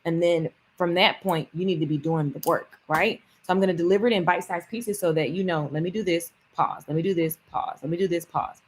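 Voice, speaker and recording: A woman business coach talking to viewers on a live stream, chatty and energetic, addressing them directly. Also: fairly low pitch, fairly quick, hardly any pauses, slight background noise.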